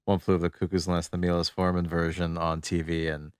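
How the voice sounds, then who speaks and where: A man's voice: deep voice, flat delivery, quick pace, smooth, no room sound, clean studio sound. A man co-hosting a casual podcast, chiming in with brief reactions and chatty asides. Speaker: podcast co-host.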